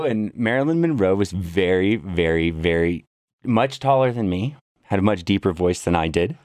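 A man casually telling a story on a podcast, lively, jumping into a much higher voice when he quotes people. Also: moderate pace, dry recording, clean studio sound. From worked in San Francisco. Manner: animated storyteller, jumps high when quoting people. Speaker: podcast guest.

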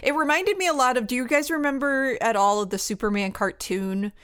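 A woman with a somewhat high voice in a casual chat, arguing her point with crude, frank wording. She talks plainly and directly. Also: a little fast, fairly bright tone, clean tone, no room sound, clean studio sound. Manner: crude, argumentative. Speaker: comic book discussion panelist.

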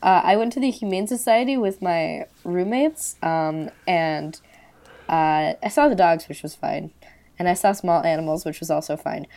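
A young woman co-hosting a podcast, hoarse and raspy from a cold, chatting in a laid-back way. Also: lowish voice, normal speed, warm tone. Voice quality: raspy, like a chain smoker. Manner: laid-back, laughs often, swears casually. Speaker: podcast co-host. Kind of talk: casual chat.

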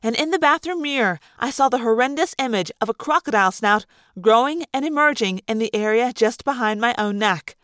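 Expressive high-voiced woman reading aloud. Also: no echo, clean studio sound. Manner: expressive storytelling. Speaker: audiobook reader. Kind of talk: first-person audiobook narration.

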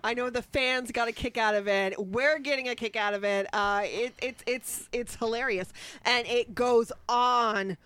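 A woman's voice: fairly high pitch, unhurried, fairly bright tone, clean tone, dry recording. A woman co-hosting a podcast, chatty and laughing often in casual sports talk. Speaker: podcast co-host.

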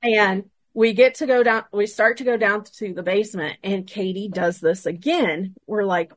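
A woman guest tells a story from a paranormal investigation in a casual, lively voice, acting out what each person said. Her pitch sits in the middle range. The sound is dry and close, with no room echo. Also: normal speed, hardly any pauses. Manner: animated retelling, acting out quoted dialogue.

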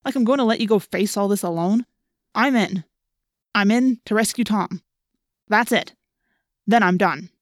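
A woman's voice: mid-range voice, moderate pace, long pauses, no echo, clean studio sound, close to an everyday voice. A woman voicing a sarcastic, wary teenage boy with a snappy, sardonic delivery.

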